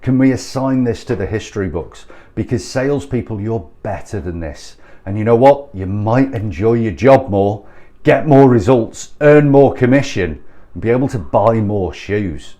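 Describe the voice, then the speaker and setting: A man's voice: lowish voice, expressive, moderate pace, dark tone. A man who works as a sales trainer, ranting bluntly and exasperatedly straight to camera with some swearing. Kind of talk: ranting direct-to-camera address.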